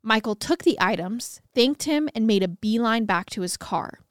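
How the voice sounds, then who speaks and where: On a podcast she co-hosts, a woman with a slightly high, animated voice narrates a true-crime case at a moderate pace. Her delivery is conversational, sprinkled with wry asides. The sound is clean studio audio with no room sound.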